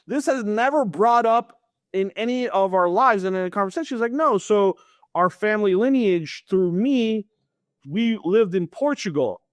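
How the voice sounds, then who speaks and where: Man, thirties, podcast guest, lively storytelling, higher voice, dry close sound. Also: no room sound. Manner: animated, laughs often, acts out dialogue. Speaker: interview guest. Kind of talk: casual storytelling.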